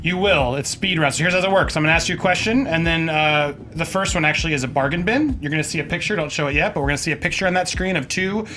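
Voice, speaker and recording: A man hosting a casual debate show, briskly explaining the rules of a speed round to the panel. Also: a little high, bright, forceful tone. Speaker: host and judge of a debate show.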